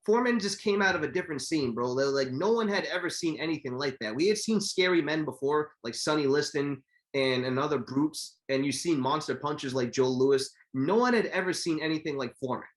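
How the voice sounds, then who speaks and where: A man's voice: on the high side, fairly quick. A man co-hosting a casual boxing history podcast, telling stories and acting out the quotes. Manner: animated storyteller, acts out quotes. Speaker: podcast co-host. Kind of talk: casual chat.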